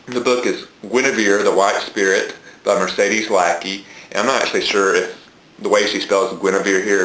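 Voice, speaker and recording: Low-voiced Southern US man, hesitant. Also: a bit bright. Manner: hesitant, many ums. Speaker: book reviewer. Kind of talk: casual video blog talk. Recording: echoey room.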